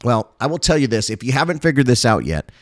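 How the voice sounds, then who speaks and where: Talking fast in a sing-song way, a male pastor delivers an urgent, emphatic broadcast sermon, repeating lines and rising into loud, high-pitched calls. The studio sound is clean with no echo.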